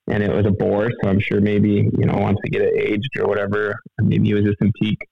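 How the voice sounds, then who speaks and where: A middle-aged man telling a story in a casual interview, halting, rambling and earnest, heard over a phone line. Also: lowish voice, completely flat delivery, vocal fry, no echo. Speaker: guest telling a hunting story.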